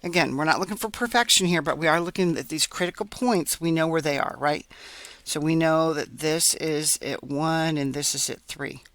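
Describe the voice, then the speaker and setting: A man's voice: on the high side, moderate pace, fairly bright tone, no room sound. A man teaching a recorded math lesson, explaining step by step as he works on a graph and checking in often with "right?" and "okay?".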